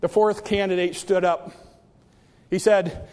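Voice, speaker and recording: A preacher with a high voice tells a story in his sermon, stumbling over repeated words and restarts. His voice carries with a long reverb through the church hall. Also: moderate pace.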